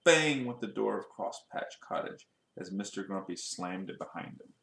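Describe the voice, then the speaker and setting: A man's voice: lowish voice, normal speed, gravelly, roomy sound, a little hiss or hum. Man reading a children's storybook aloud. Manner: lively, asks listeners questions.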